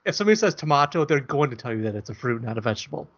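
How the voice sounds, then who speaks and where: A man's voice: medium pitch, big pitch swings, racing, a bit bright. A man co-hosting a podcast, chatting casually in a rambling, joking way. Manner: rambling, self-deprecating, jokey. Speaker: podcast co-host. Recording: dull lo-fi audio.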